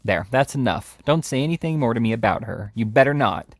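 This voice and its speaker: A man voicing a quiet, mild orphan boy in a storybook reading, close to his own low voice. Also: expressive, a little fast, no room sound, lightly acted. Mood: subdued. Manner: subdued, then sharp and defiant.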